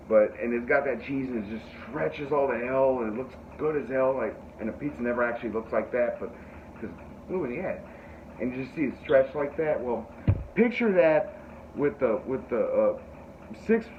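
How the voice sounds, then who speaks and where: A man hosting a casual podcast, telling a rambling, animated story full of fillers and swearing, and jumping into high yelps when he quotes people. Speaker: podcast host. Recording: tinny phone-like sound with faint noise.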